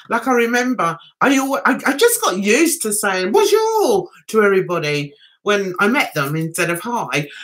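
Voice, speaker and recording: Middle-aged woman, livestream host, giggly chat, high lively voice. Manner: giggly and chatty.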